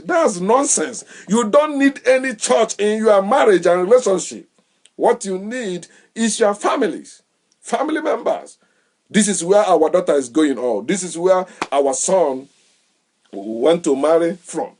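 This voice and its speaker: A man giving his opinions in casual talk, lively, acting out the people he quotes and laughing often. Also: high voice, moderate pace. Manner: animated, acts out quoted voices.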